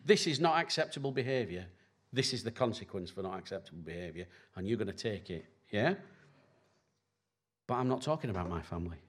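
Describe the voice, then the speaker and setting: A man in his forties preaches in an easy, conversational way, as if talking straight to each person in the room. His pitch swings widely from high bursts to low asides. He checks in with his listeners constantly and stays animated throughout. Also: brisk, breathy edge. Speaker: pastor. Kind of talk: conversational sermon.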